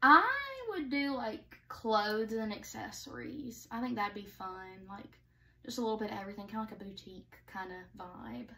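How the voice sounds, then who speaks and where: A young woman with a bright, crisp tone, recorded from a little way off the mic. She chats freely, agrees eagerly, and fills her sentences with "like". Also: mid-range voice, fairly even intonation, moderate pace, recorded from a distance. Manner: chatty, eager agreeing, lots of "like". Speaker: co-host. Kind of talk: casual chat.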